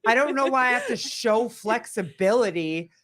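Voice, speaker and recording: A woman chatting casually on a podcast, animated and joking about herself. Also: on the high side, moderate pace. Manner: animated, joking, self-deprecating.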